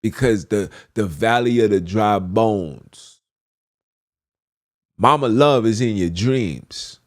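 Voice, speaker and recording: A man's voice: lowish voice, slow pace. A man preaching a fervent, repetitive monologue as a podcast host, slipping into archaic scripture phrasing.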